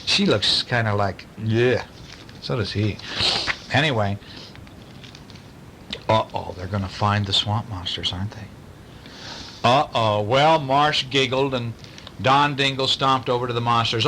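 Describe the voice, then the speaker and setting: A man reads a bedtime picture book aloud to his child at home. His voice is bright and clear, and his pitch is middling. He stops often for gentle, chatty asides to the child. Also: unhurried, pauses often, slight background noise. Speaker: parent reading a bedtime story.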